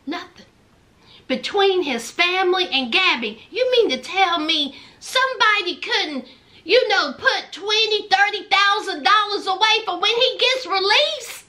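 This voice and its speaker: A woman's voice: very high voice, lively intonation, a little slow, sharp tone. A woman giving a sassy, gossipy casual recap of a reality show, calling listeners "child" and "honey".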